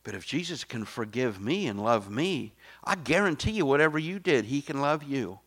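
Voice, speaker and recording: A middle-aged male pastor preaching a sermon, emphatic and swinging from soft, low asides to loud exclamations. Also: animated, normal speed.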